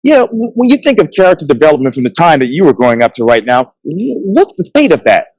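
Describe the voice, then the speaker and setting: A man's voice: a little high, very animated, fast talker, a little mellow, no room sound, rough recording. Man, interview host, polite, affirming, dry. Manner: polite, affirming, formal address.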